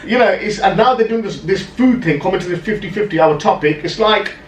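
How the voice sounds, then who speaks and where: A man co-hosting a podcast, telling stories in casual, animated chat full of "right?" asides. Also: sits high, brisk, distant mic. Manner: animated storyteller, lots of "right?" and "yeah?" asides. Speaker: podcast co-host. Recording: roomy echo, off-mic, faint noise.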